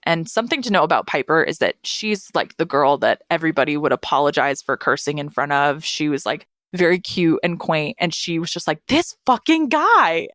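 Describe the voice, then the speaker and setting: A woman's voice: deep voice, a little fast, hardly any pauses, fairly bright tone, no echo, clean studio sound. A young woman frankly telling her own story as a podcast guest, blunt and swearing freely. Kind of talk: candid first-person storytelling.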